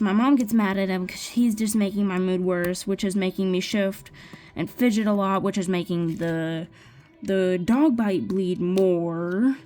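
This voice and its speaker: Young female vlogger, unhurried rambling storyteller, light music bed. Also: mid-range voice, darkish tone. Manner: chatty, rambling, restarts mid-sentence. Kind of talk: casual storytelling while crafting.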